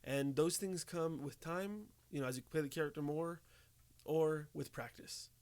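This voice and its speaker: A man's voice: a little high, normal speed, darkish tone. A young man giving casual tips to camera, talking conversationally and often checking in with "okay?" and "right?". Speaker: tabletop game tips host.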